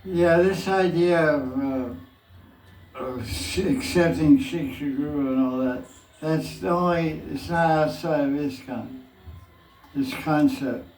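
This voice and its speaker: A man, a spiritual teacher, answers questions in a relaxed and chuckling way and quotes people in put-on voices. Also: fairly high pitch, takes it slowly, faint music behind. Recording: echoey room, mic from a distance, faint noise.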